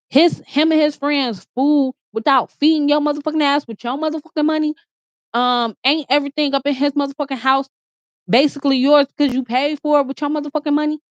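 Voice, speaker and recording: A woman's voice: high-pitched, no echo. A woman vlogger telling a heated, profane storytime rant from her room, repeating herself as she gets riled up. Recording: dull, slightly muffled sound.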